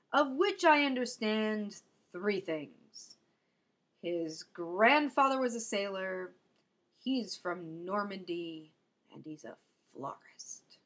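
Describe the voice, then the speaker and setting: A woman's voice: medium pitch, a bit bright. Young woman, wry storyteller, self-mocking, comic, personal anecdote. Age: young adult.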